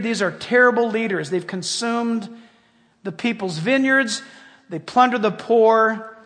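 A man pastor preaching a sermon with emphasis, swinging between loud passages and hushed ones. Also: very high voice, expressive, slow pace, long pauses. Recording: long hall reverb.

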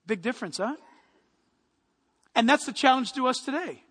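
A male pastor preaching a sermon to his congregation in a church hall, animated and conversational, speaking to them directly. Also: high voice, brisk, husky. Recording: echoey hall reverb.

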